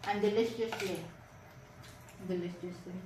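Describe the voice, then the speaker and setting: A woman's voice: mid-range voice, steady tone, measured pace, a little mellow, slight background noise. Filipino-accented woman, chatty and insistent. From Philippines. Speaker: vlog host and wife. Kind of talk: casual dinner-table chat. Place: home dining table. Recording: echoey room, mic at a distance, dinner clatter.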